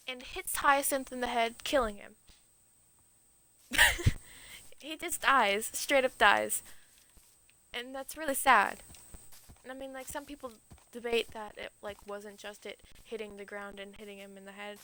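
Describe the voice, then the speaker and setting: On poor-quality audio, a young adult woman streamer with a slightly high, sharp-toned voice tells a myth at a measured pace with long pauses. Her casual stream storytelling rambles and is slangy, packed with "like" and "um."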